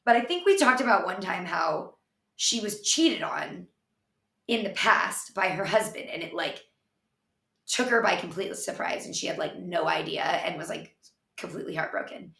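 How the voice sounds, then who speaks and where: A woman co-hosting a podcast tells rambling stories packed with fillers, her voice gravelly with fry. She sits back from the mic in an echoey room. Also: on the low side, animated, normal speed, pushed and bright, distant mic. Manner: rambling, filler-heavy storytelling. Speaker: podcast co-host. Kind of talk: casual chat.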